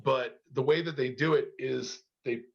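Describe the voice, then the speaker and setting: A man's voice: mid-range voice, steady tone, measured pace, gravelly, highs cut off. A man on a podcast telling a long story casually, cursing often and filling gaps with "you know". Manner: rambling, heavy cursing, many fillers.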